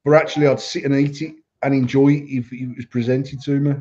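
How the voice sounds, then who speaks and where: Mellow-voiced English man telling stories. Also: mid-range voice, a little fast, dull audio. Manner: swearing, storytelling, animated quoting. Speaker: podcast host. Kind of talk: casual banter.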